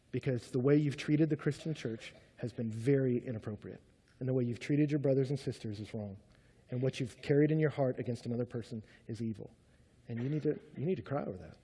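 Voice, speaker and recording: Male pastor, conversational sermon, husky voice, long hall reverb. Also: mid-range voice, brisk. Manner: conversational, swings from loud to hushed.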